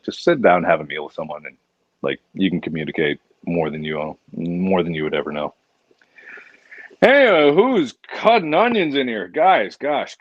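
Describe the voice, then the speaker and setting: A man hosting a casual charity livestream, animated and jokey, sometimes jumping into high exaggerated outbursts. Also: dry recording, lo-fi sound. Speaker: livestream host.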